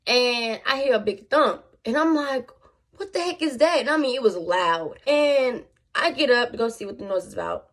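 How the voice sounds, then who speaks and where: Young woman vlogger telling a storytime, slangy and animated, talks right to viewers. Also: on the high side, normal speed. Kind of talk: casual storytime.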